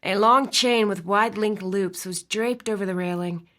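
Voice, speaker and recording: Expressive woman audiobook narrator, storytelling voice, soft in tender moments. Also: mid-range voice, unhurried. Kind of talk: scripted narration.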